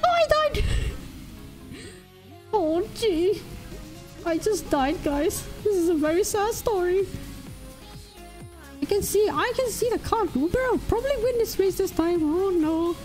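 Super high squeaky cartoon mouse, all flustered gasps and oh-no's. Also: female voice, animated, a little slow, pauses often, darkish tone, faint music behind, rough recording. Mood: excited. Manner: gasping, frantic exclamations. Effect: high pitch-shifting voice changer. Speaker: game streamer. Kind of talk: live-stream game commentary.

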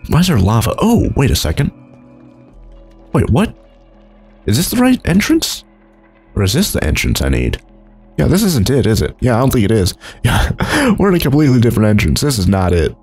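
Young male gaming host, husky low voice with wild pitch swings, chatty and rambling, faint music underneath. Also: wildly swooping pitch, normal speed, pauses often, darkish tone. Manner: rambling, chuckling, jumps between low mumbles and high exclaims. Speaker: gaming YouTuber. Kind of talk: Minecraft let's play commentary.

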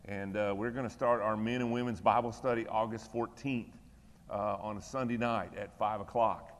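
A middle-aged male pastor gives church announcements and prayer requests in a folksy, easygoing way. His voice sits low and sounds relaxed. A long reverb from the church room trails after his words. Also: normal speed. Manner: folksy, conversational, encouraging.

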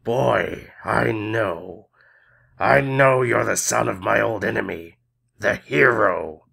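A man voicing a menacing male evil lord who talks slowly and mockingly. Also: lowish voice, vocal fry, sharp tone, breathy edge, pitched below the performer's own voice, full character voice. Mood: taunting. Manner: sneering, slow and mocking.

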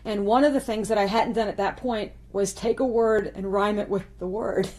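A woman's voice: medium pitch, fairly even intonation, moderate pace, darkish tone. A woman songwriter telling a story in a chatty, self-mocking way, laughing often. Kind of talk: storytelling interview.

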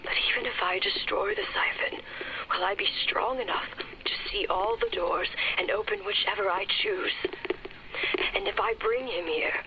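A woman voicing a haunted, regretful elderly woman in a video game, speaking in a hushed, whispery way. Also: medium pitch, steady tone, moderate pace, lightly acted. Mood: sorrowful. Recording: muffled game audio with noise.

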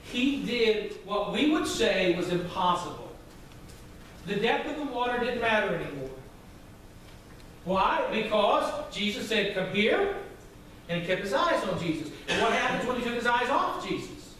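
A male pastor preaching a sermon to his congregation, loud and emphatic, with asides to the room. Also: high-pitched, big pitch swings, normal speed. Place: church sanctuary. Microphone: microphone at a distance. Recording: very echoey hall, from far off, faint noise.

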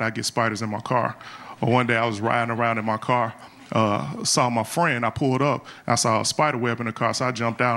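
A man's voice: medium pitch, sharp tone. A young adult man doing a live stand-up routine on a comedy club stage, talking loosely and conversationally with slangy asides.

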